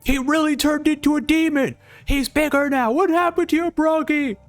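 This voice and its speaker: A man voicing frantic giant warriors in a shrill, high voice. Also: fairly even intonation, moderate pace, no echo, faint music behind. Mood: panicked. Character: panicked young giant warriors, frantic and loud.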